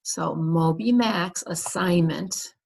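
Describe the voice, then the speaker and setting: A woman teaches a beginner English class, speaking very slowly and pronouncing each word with care for learners. Her voice is slightly low, with a gravelly, husky edge. She has the patient pacing of a class lesson. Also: darkish tone, low-quality recording. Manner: over-enunciates words for language learners. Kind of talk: slow, deliberate classroom instruction.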